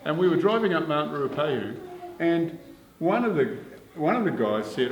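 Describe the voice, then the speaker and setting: A man's voice: a little high, very animated, a little fast, hardly any pauses, echoey room, low-quality recording. A man telling family stories in casual storytelling, chuckling as he goes. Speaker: family member telling memories.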